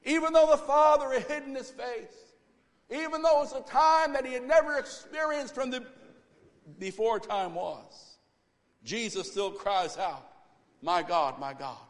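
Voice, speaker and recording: A man with a very high voice preaches a sermon in a church sanctuary. He drives his points home with fervent, repeated exhortations. A long reverb trails after each phrase. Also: unhurried. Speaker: pastor.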